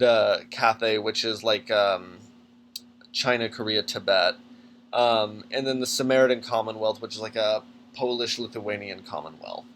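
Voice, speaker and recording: Solo podcast host, man, mid-pitched, hesitant think-aloud delivery. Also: fairly bright tone. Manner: thinking aloud, many ums and restarts. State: has the hiccups. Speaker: podcast host making a character. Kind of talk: casual solo walkthrough.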